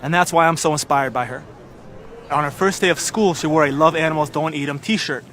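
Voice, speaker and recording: A man's voice: fairly high pitch, brisk, a bit bright, a little hiss or hum. A man, a street activist, talking sincerely and motivationally in an interview.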